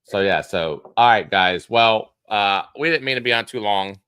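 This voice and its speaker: A man's voice: lowish voice, expressive, moderate pace, a bit bright, clear, resonant tone, dry recording, studio quality. A man co-hosting a casual live stream, chatting loosely with frequent restarts and filler words. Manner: rambling, restarts with many uhs. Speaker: co-host.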